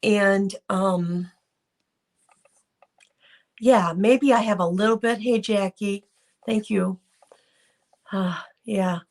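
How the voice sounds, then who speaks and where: A woman's voice: mid-range voice, extremely slow, long pauses. A woman hosting a casual live reaction stream, talking unscripted with many ums and greeting viewers in the chat. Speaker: livestream host.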